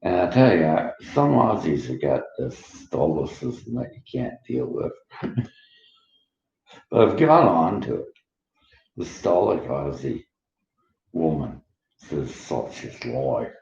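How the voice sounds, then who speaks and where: Man from Canada, middle-aged, rambling monologue, dark mellow tone, roomy dull lo-fi home recording. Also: deep voice, big pitch swings, takes it slowly, gravelly. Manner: rambling, jumps between stories, laughs often. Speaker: vlogger.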